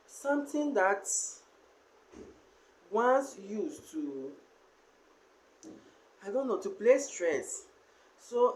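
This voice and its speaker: A language teacher who talks at a slow, unhurried pace and pauses often, filling gaps with "um" and "eh." The voice has a middle pitch. A faint background hiss runs under the lesson. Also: rough recording. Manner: explains slowly with many fillers and pauses.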